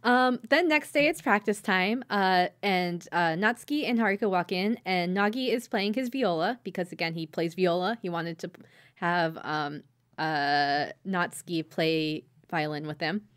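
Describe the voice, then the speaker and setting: A woman's voice: lowish voice, measured pace. Casual, swearing woman podcast host. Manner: loose, swears freely, laughs mid-sentence. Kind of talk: casual anime recap chat.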